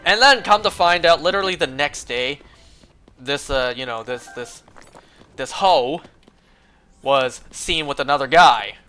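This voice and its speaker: A man's voice: a little high, unhurried, pauses often, pushed and bright, faint music behind. A young man streaming a game, telling a rambling, profane story in casual chat, full of fillers. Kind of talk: casual chat while gaming.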